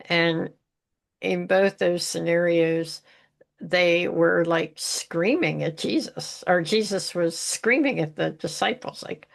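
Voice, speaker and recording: A woman hosting a faith podcast in casual conversation, animated and laughing often, acting out voices as she tells stories. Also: lowish voice, takes it slowly, vocal fry. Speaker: podcast host.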